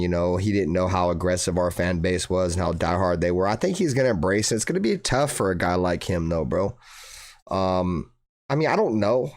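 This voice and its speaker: Lowish-voiced guy on a live stream, talks to chat casually, swears a lot, gets fired up. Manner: excitable, swears, bursts into loud mock wailing. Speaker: fan channel host.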